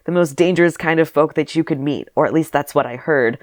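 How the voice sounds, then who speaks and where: A woman's voice: very deep voice, animated, fairly quick, hardly any pauses, dry recording, studio quality. A woman reading her childhood story aloud and mocking it with wry asides and laughter. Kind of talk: comedic reading of old diary with commentary.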